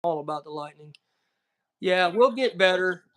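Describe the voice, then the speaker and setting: A man's voice: high-pitched, animated, normal speed, fairly bright tone. A man with a Southern American accent hosting a casual livestream chat, telling rambling, folksy stories over a video call. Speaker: livestream host.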